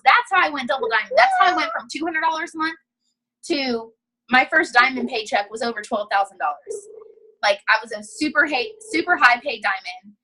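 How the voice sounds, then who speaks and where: Woman, high pitch, bright tone, upbeat casual training talk. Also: a little hiss or hum, low-quality recording. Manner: chatty, upbeat, says "freaking" and "you know"; breaks off to quiet her child. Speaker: guest trainer.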